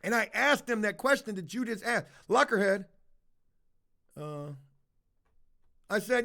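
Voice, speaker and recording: A man's voice: high-pitched, animated, a little slow, gravelly, pauses often, pushed and bright. A man ranting profanely to his livestream chat, rambling from one jab to the next and mocking a viewer. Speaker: streamer talking to chat. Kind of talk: casual livestream rant.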